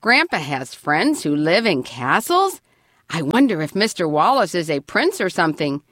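A woman voicing a curious, gentle young girl. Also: fairly low pitch, very animated, normal speed, dry recording, studio quality.

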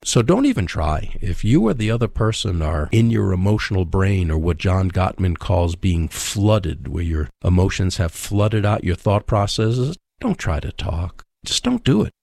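A man's voice: sits low, expressive, unhurried, vocal fry, few pauses, a little mellow, dry recording, studio quality. A man teaching on a radio program, speaking in an emphatic, conversational way and repeating his key points. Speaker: radio Bible teacher on relationships.

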